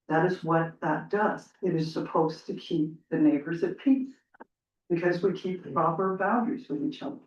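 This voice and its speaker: A woman's voice: fairly low pitch, darkish tone. A woman resident making an earnest, impassioned plea at a council meeting. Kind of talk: public comment at a council meeting. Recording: roomy, distant, dull room sound.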